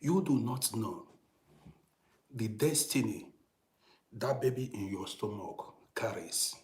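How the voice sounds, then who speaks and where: Speaking slowly and with lively intonation, a middle-aged man who hosts a storytelling channel shares a personal tale in a casual monologue. His fairly low voice swings between hushed whispers and loud, emphatic bursts, and he keeps repeating and restarting phrases, all in a roomy-sounding space.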